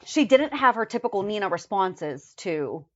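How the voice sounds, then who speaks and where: A chatty woman co-hosting a fan podcast. Her pitch moves a lot as she talks, and she rattles through lists in a quick, matter-of-fact way. The sound is dry and a little dull. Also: very animated, no room sound. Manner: chatty, reads episode headlines in a quick list. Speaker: podcast co-host. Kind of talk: casual recap chat.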